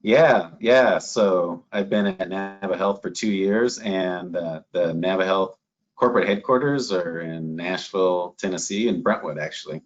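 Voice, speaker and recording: A man's voice: deep voice, unhurried, dull audio. A man from northern Minnesota with a Minnesota accent, a chief medical officer speaking as an interview guest in an easygoing, folksy way. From northern Minnesota, USA. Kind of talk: conversational interview.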